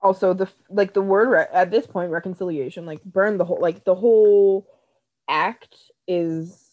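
A woman's voice: fairly low pitch, fairly even intonation, moderate pace, darkish tone, dull audio. A woman co-hosting a podcast, ranting bluntly and sarcastically in casual, profane chat. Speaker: podcast co-host.

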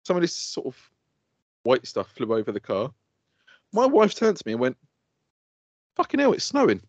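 A British man co-hosting a podcast, telling animated stories, swearing and laughing as he goes. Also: mid-range voice, normal speed, no room sound, dull audio. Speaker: podcast co-host. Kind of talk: casual chat.

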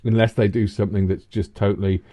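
A man in his fifties co-hosting a casual chat, rambling and animated. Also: fast talker. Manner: animated, rambling, breaks into high laughs. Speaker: co-host. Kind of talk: casual banter.

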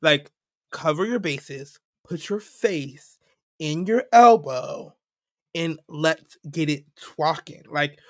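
A podcast co-host in casual chat who makes an emphatic point step by step. The voice is bright and forward, and the pace is slow. The recording is dry and close. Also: mid-range voice, no room sound.

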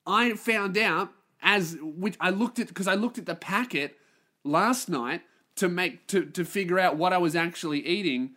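Male podcast host, solo rant, profane and self-deprecating, slightly high pitch. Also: normal speed, bright, forceful tone. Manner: ranting, sweary, self-mocking.

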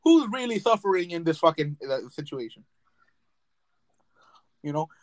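A young man tells a long, rambling story to a friend on a podcast, cursing freely and laughing along with himself. His voice sits a little high for a man. The recording is close and dry, with no room sound. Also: sing-song, normal speed, dry recording, poor audio. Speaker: podcast host. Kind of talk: casual chat.

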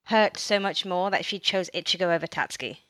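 A woman co-hosting a podcast in casual chat, talking in an animated way and often restarting her sentences. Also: on the low side, brisk, no room sound. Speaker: podcast co-host.

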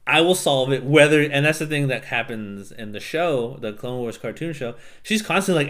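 A man co-hosting a casual podcast, retelling a film scene by scene with profanity and quick mocking voices. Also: mid-range voice, lively intonation, a bit bright. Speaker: podcast co-host. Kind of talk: casual chat.

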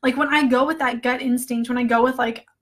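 A woman's voice: fairly high pitch, fairly even intonation, brisk, a little hiss or hum. A woman coach giving a casual recorded training talk, chatty and full of fillers, openly emotional as she speaks. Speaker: online business coach.

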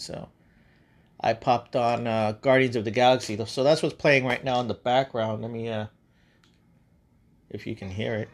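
A male podcast host chats casually with a middle-pitched voice. He rambles, swears often and breaks into laughter. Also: normal speed. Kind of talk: casual chat.

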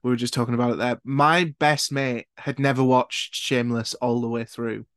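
A man's voice: medium pitch, steady tone, moderate pace, fairly bright tone, clean tone, no echo, studio quality. A Glaswegian man hosting a podcast, talking enthusiastically and swearing casually. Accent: Glaswegian Scottish. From Glasgow, Scotland. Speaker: podcast host.

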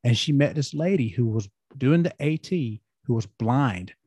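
A middle-aged man hosts a relaxed podcast conversation, rambling through anecdotes and laughing easily. His voice sits at an ordinary middle pitch. The sound is dry and close, with no room around it. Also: normal speed, breathy edge, no room sound. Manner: rambling, chatty storytelling with frequent laughs. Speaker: podcast host. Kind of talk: casual conversation.

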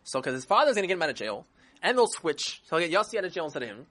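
A storyteller narrates a children's story in a casual, animated way, often restarting phrases. The pitch moves lively throughout, keeping young listeners engaged. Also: very fast.

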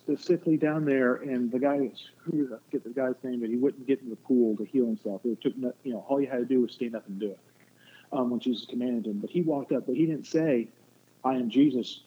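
A man's voice: medium pitch, brisk, phone-quality sound. Guy on a phone-ish line, rambles, acts out little quotes, faint hiss. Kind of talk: casual faith discussion.

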